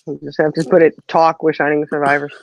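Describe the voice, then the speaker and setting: A woman's voice: low-pitched, flat delivery, quick pace, no echo. A woman hosting a casual livestream chat, telling stories with frequent laughter. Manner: chatty storyteller, laughs often. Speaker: host of a live chat show. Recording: dull lo-fi dry sound.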